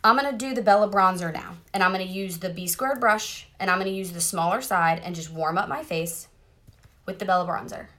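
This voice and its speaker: A woman's voice: fairly low pitch, a little fast, a bit bright. A woman, chatting bubbly and direct to viewers during a casual live makeup tutorial, sitting in a car. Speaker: makeup seller doing a live demo. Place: parked car.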